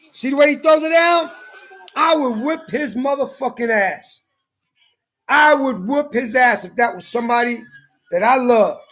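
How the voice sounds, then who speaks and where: Heated high-voiced man ranting. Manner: profane, heated, shouting at times. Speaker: ranting commentator. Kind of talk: angry personal rant and storytelling.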